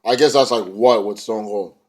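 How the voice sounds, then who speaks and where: A man's voice: on the low side, normal speed, a little mellow, breathy edge. A young man casually recapping a wrestling show, rambling in slang and now and then mimicking the wrestlers. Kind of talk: casual recap, retelling a show with quoted voices.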